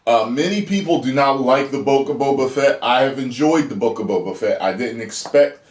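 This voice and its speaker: A man's voice: medium pitch, fairly quick. A man chatting casually and emotionally as he reviews a show he just watched. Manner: chatty, emotional, chuckles as he talks. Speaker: YouTube reaction reviewer. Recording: roomy echo.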